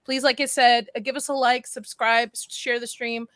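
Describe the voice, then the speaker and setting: A woman's voice: a little high, level tone, moderate pace, a bit bright, dry recording, studio quality. A chatty woman hosting a casual live stream, laughing as she talks and getting over a flu. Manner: chatty, laughs between words. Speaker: stream host.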